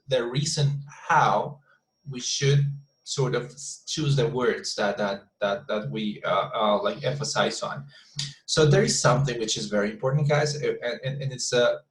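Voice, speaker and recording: A man teaches an online English class, often repeating himself and checking in with "you see?" as he explains. His voice sits at a middle pitch. The sound is echoey, as if recorded in a bare room. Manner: frequent restarts and "you see?" check-ins.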